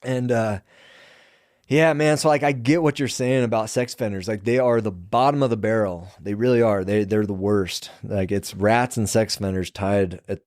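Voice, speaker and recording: A man's voice: lowish voice, fairly even intonation, normal speed, darkish tone, dry recording, clean studio sound. A man, a former prison sergeant, telling stories in loose, profane casual talk and acting out what people said. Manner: loose and profane, acts out quoted dialogue. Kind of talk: casual storytelling conversation.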